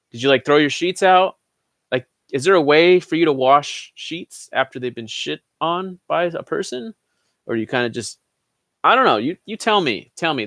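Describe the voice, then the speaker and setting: A man's voice: a little high, a bit bright, dry recording. A young man hosting a live Q&A, reading viewers' questions aloud and answering them offhand, swearing freely. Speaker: channel host answering live chat questions. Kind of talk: casual livestream Q&A.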